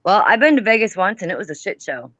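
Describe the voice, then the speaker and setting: A woman's voice: medium pitch, sing-song, quick pace, fairly bright tone, no room sound. Woman hosting a live stream, chatty and rambly, lots of likes, kinda dull dry audio. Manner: rambling, many fillers and restarts. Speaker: livestream host. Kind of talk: casual group chat.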